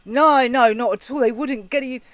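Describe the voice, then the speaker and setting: A man's voice: extremely high pitch, moderate pace, a bit bright, no echo. A British man co-hosting a live show, chatting casually and reading out viewer comments. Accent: British English. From Britain. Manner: chatty, reads out chat comments. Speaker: co-host of a live chat show. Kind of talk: casual chat.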